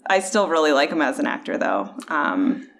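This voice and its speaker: A woman's voice: sits low, very animated, normal speed, vocal fry, a bit bright, a little hiss or hum. A woman co-hosting a podcast in casual chat, opinionated and full of "like" fillers. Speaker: podcast co-host.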